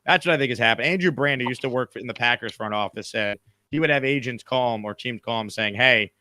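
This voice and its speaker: Guy hosting a live sports stream, bright crisp voice, dry close mic, rambly and jokey. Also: medium pitch, fast talker, dry recording. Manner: rambling, joking, repeats words. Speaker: host.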